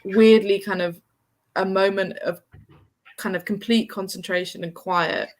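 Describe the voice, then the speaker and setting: A woman's voice: mid-range voice, fairly even intonation, a little slow. A young woman, a student quiz contestant, talking thoughtfully in casual chat with lots of "kind of" fillers. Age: young adult.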